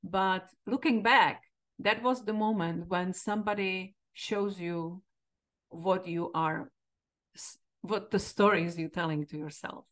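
A woman's voice: on the low side, takes it slowly, fairly bright tone. A middle-aged woman from the Czech Republic with a Czech accent, a podcast host telling a candid, reflective personal story. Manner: candid, reflective, quoting herself with emotion.

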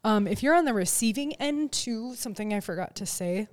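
A woman hosting a casual podcast chat close to the mic, animated and acting out quoted lines. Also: on the high side, brisk. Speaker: podcast host. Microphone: close studio mic.

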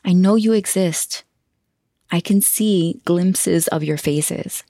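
A woman's voice: on the low side, slow pace, warm tone, dry recording, clean studio sound. A woman hosting a self-love coaching podcast, talking in an effusive, emotional way and laughing often. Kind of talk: heartfelt podcast monologue.

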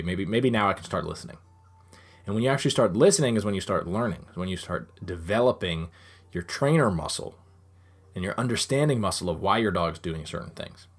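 A young adult man who trains dogs and hosts a podcast, explaining things in a lively way and repeating phrases for emphasis. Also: on the low side. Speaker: dog trainer and podcast host. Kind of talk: solo podcast monologue.

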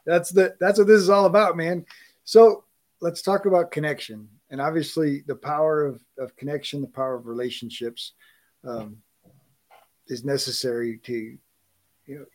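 Relaxed male podcast host, slightly high. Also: normal speed. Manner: relaxed, loose, trailing off mid-sentence. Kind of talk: casual podcast interview.

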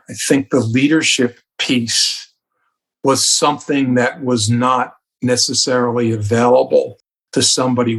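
A man at a medium pitch talks as a guest on a podcast. He is a communication coach and shares reflective stories from his work. His delivery is conversational and gets animated at moments. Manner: reflective, anecdotal, animated in places. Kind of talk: conversational storytelling.

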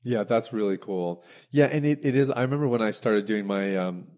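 A man's voice: on the low side, a little fast, a little mellow. A man hosting a podcast, giving short affirmations and asking long, rambling questions. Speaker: podcast host. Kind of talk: casual interview chat.

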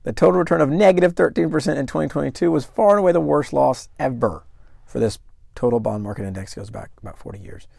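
Gravelly man hosting an investing podcast. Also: mid-range voice, fast, dark tone, no echo, clean studio sound. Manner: conversational, emphatic, asks the listener questions. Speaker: podcast host. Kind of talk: solo investing podcast talk.

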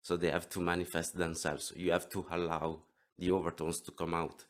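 A man in his thirties with an Italian accent, explaining throat singing in an interview lesson, halting and often restarting his words. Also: low voice, monotone. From Italy. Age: 30s.

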